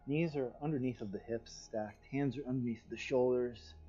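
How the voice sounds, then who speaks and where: A man teaching a guided yoga class over a livestream, with calm, soothing, drawn-out cues and sighs of relief. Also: mid-range voice, slightly rough, dull audio, faint music behind.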